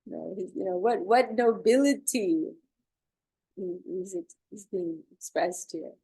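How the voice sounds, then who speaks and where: A woman leads a scripture study over a video call, chatty and unscripted. She doubles back on her words and laughs lightly as she explains. Her voice sits in a middle pitch. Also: slow pace, dark tone, husky, rough recording. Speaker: study group leader.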